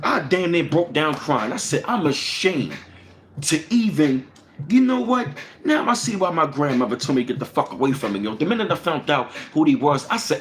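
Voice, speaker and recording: A man's voice: very animated, moderate pace. Man ranting profanely on a livestream. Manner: angry, profane, repetitive, shifting between loud and low. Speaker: livestream host.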